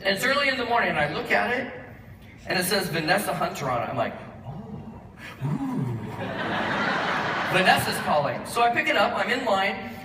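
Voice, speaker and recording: A man giving an animated acceptance speech in a large hall, telling a story and acting out both sides of the conversation. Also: high voice, quick pace. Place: large event hall with audience. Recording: roomy hall sound from a distant mic, faint noise.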